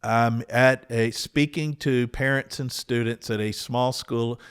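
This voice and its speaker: A man, telling a personal story as a podcast host, earnest and unhurried, with small restarts. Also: medium pitch, steady tone, smooth. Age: 60s.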